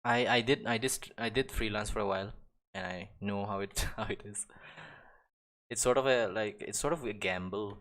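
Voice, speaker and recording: A young man streaming live as a digital artist chats and rambles while he draws, full of restarts, fillers, and frequent small chuckles. His voice is fairly low and a bit bright, at a moderate pace.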